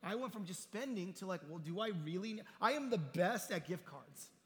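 A man's voice: high voice, animated, fairly quick, fairly bright tone. A middle-aged man preaching as a pastor, telling personal stories in a conversational way and acting out the dialogue with humor. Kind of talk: sermon with storytelling. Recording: long hall reverb.

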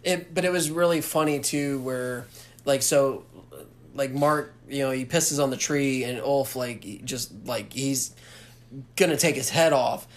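Halting, filler-heavy movie recap. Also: mid-range voice. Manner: halting, many fillers and restarts. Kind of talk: casual movie recap chat.

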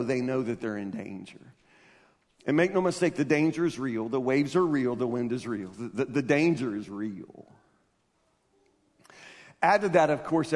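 A man preaching a sermon with emphatic delivery, often restarting and repeating words. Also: fairly high pitch. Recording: long reverb of a large hall.

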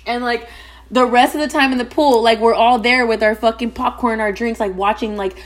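Rapid, gossipy young woman podcaster. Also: a little high, steady tone. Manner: rapid, profane, gossipy, heavy use of "like". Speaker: podcast host. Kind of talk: casual storytelling.

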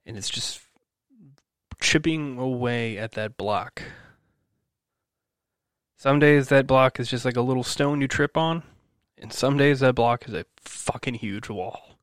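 A man's voice: mid-range voice, measured pace, pauses often, no echo. A man hosting his own podcast, venting in a rambling, self-encouraging monologue full of swearing. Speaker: podcast host.

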